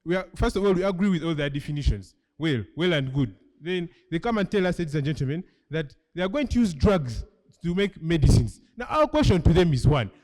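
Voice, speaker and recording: A man's voice: a little high, big pitch swings, a little fast. A young man in his late teens with a Ugandan English accent, giving an emphatic competitive debate speech as the opposition's first speaker, repeatedly addressing the audience. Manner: emphatic, keeps repeating "ladies and gentlemen".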